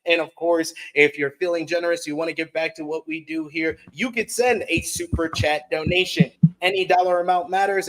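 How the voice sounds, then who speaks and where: Hyped man hosting a podcast. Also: fairly high pitch. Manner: hyped, announcer-style intros. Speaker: podcast host.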